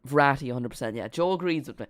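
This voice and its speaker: A man hosts a live football watch-along, half calling the match and half rambling off into jokes with his chat. His voice is smooth and clear, sitting at an ordinary pitch for a man. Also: expressive, quick pace, a bit bright.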